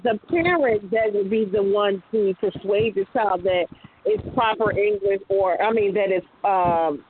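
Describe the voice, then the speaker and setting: A woman with a middle-pitched voice joins a casual radio conversation and agrees often. Her voice comes through a tinny phone line with faint noise behind it. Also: unhurried. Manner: agreeing, chimes in with "mm-hmm".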